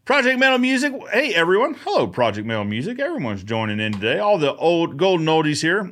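A man's voice: on the high side, very animated, quick pace, few pauses, a bit bright. An upbeat man hosting a live Q&A show, chatting casually, greeting viewers by name and answering their questions. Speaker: host of a live fencing Q&A show. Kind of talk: casual live-stream chat.

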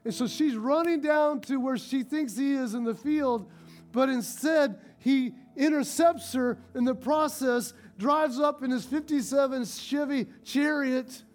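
A male pastor preaching a sermon, telling stories with animated, rising excitement. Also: extremely high pitch, measured pace.

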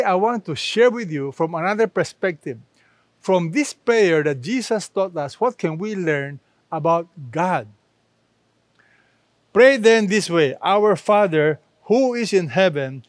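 High-voiced pastor guy preaching slow, dry close sound, lots of rhetorical questions. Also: no room sound. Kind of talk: sermon.

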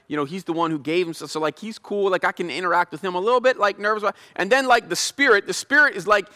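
A man preaches in a loose, slangy, conversational way, and his voice is high for a man and bright. A long hall reverb trails behind each phrase. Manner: conversational, slangy, animated retelling. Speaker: pastor. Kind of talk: casual sermon with paraphrased scripture.

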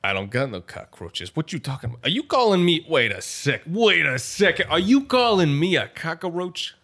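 A man's voice: fairly high pitch, big pitch swings, moderate pace, sharp tone, voice pushed up, exaggerated voice. A man putting on a mock Italian gangster. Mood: defensive. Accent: mock Italian-American gangster. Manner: drawling, slangy, ungrammatical, rambling. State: tipsy. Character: streetwise Italian-American tough guy in the cockroach trade.

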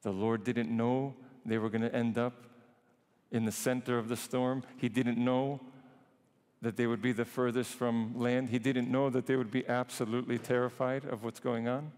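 A man preaching a sermon, emphatic, drawing some phrases out slowly and rushing others. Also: medium pitch, little pitch movement, a little mellow, long reverb tail. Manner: emphatic, shifts between slow and quick phrasing. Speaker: priest preaching.

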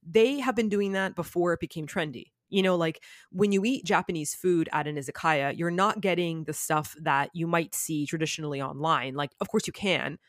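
A woman guest on a podcast, telling stories in a lively, casual way and filling her talk with "like.". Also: fairly low pitch, moderate pace, hardly any pauses, no echo, clean studio sound. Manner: animated storyteller, says "like" a lot. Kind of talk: casual chat.

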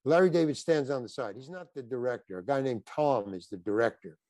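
A man's voice: mid-range voice, a little mellow, dry recording. An older man, a guest actor, telling rambling stories in a casual interview, often breaking off and restarting his sentences. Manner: rambling anecdotes with halting restarts.

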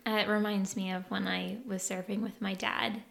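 A woman's voice: mid-range voice, level tone, normal speed, vocal fry, a bit bright. A young woman from California co-hosting a podcast, chatting casually, laughing often and filling her talk with "like". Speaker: podcast co-host.

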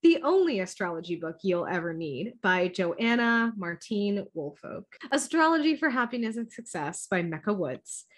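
A woman co-hosting a casual astrology podcast, talking in an excitable, giggly, hyped way. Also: mid-range voice, moderate pace, hardly any pauses. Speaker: podcast co-host. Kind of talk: casual chat.

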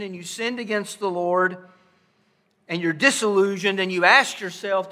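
Pastor, man, bright higher voice, sermon with rhetorical questions, long hall echo. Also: moderate pace. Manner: dramatic shifts between soft hushed lines and loud emphatic ones; asks the congregation rhetorical questions.

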